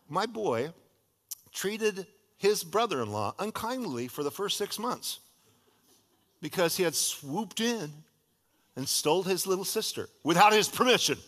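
A middle-aged pastor with a fairly high voice preaches in a large church sanctuary. He tells a personal story casually, bringing the retold dialogue to life.

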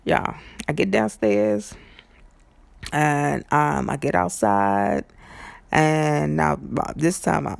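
A man hosting a podcast, telling a story in a chatty, animated way and acting out the quotes. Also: a little high, creaky, no echo. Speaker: podcast host. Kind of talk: casual storytelling.

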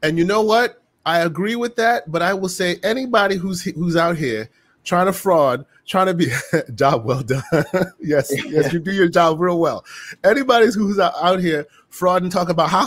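A fairly high-pitched man hosts a casual gaming podcast, rattling on with plenty of fillers and quick restarts. His voice is close-miked and sounds dry, with no room around it. He comes across as animated and talkative. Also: no echo. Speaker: podcast host.

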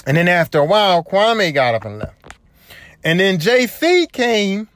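A man's voice: high-pitched, big pitch swings, measured pace, fairly bright tone, no room sound. A young man, retelling a story on his podcast and acting out what other people said. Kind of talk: casual storytelling monologue. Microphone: home podcast mic.

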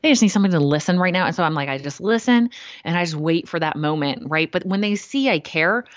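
Dry-sounding, low-voiced woman chatting. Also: fast talker, dry recording, muffled recording. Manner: animated, swears casually, acts out quoted voices. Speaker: podcast co-host. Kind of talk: casual podcast chat.

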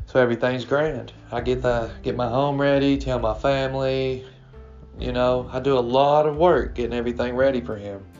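Man in his thirties, from Kentucky, earnest personal story, muffled lo-fi sound, faint guitar behind. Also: medium pitch. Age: 30s. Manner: plain, earnest storytelling with quoted dialogue. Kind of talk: first-person personal story told to camera. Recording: dull lo-fi recording with faint guitar music.

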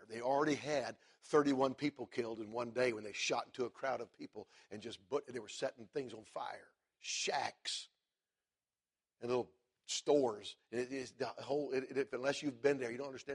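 A middle-aged man preaching with a husky, slightly breathy voice. He tells a story from the pulpit, dropping to hushed stretches and then rising into loud, emphatic preaching. His pitch sits in an ordinary middle range. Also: steady tone, brisk. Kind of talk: sermon storytelling.

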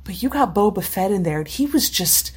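A woman's voice: mid-range voice, expressive, a little fast, slightly rough. A woman co-hosting a podcast in casual chat, enthusiastic and rambling, laughing often. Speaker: podcast co-host.

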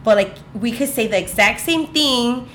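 A woman's voice: fairly high pitch, moderate pace. Young woman chatting with her friend, lots of like and you know, acting out what people said, faint hum in the back. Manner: chatty, animated storytelling with quoted voices. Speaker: podcast co-host. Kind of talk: casual chat between friends.

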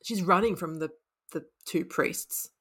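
A woman's voice: on the low side, unhurried, a bit bright, slightly rough. A woman chatting casually about a book, laughing often and acting out the characters' lines. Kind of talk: casual chat retelling a book.

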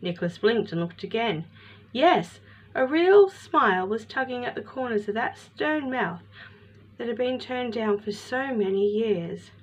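A woman storyteller giving an expressive, measured storybook narration as host of her show. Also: fairly high pitch. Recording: slightly muffled with faint hiss.

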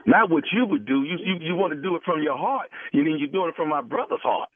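A man's voice: fairly high pitch, expressive, quick pace, dry recording. A man making a prank phone call as a radio prankster, pushing his point with constant "you know"s and restarts. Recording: dry tinny phone line.

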